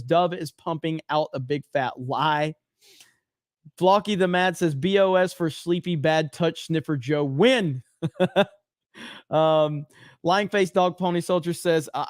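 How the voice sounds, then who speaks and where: A man hosting a casual livestream, reading chat messages aloud and reacting in excitable, profane bursts that drop into low mutters. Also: dry recording, clean studio sound. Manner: excitable and profane, swings between loud outbursts and low mutters. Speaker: livestream host.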